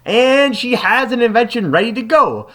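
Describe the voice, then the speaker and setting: A man's voice: extremely high pitch, animated, normal speed, fairly bright tone. A man retelling a fantasy story as a joking, offhand recap, slipping into silly character voices.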